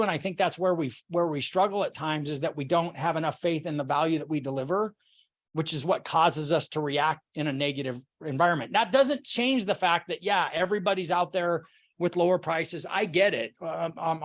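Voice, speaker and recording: A man leading a casual sales team call, retelling a client exchange and coaching, candid and swearing freely. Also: a little high.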